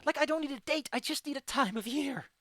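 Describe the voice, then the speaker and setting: A man streaming a game, giving casual, animated commentary and ranting with frequent swearing. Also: extremely high pitch, fast talker, gravelly, faint music behind. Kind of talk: casual let's-play commentary.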